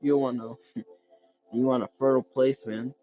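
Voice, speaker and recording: A man's voice: medium pitch, fairly even intonation, moderate pace, muffled recording, soft background music. A man reading scripture aloud with stumbles and restarts, then breaking into slangy street-style commentary as a preacher. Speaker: scripture teacher.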